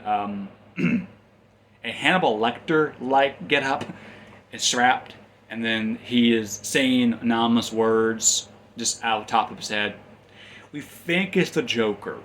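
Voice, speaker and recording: A man's voice: mid-range voice, fairly bright tone, a little hiss or hum. A man casually recapping a comic's plot as a reviewer, rambling with frequent ums and restarts.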